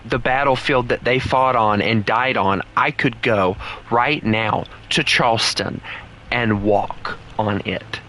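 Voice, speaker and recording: A man's voice: medium pitch, slow, pushed and bright, slight background noise, low-quality recording. A man with a Southern US accent, streaming a game and chatting casually in a rambling, opinionated and blunt way. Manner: blunt, heated rants. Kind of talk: casual live-stream chat.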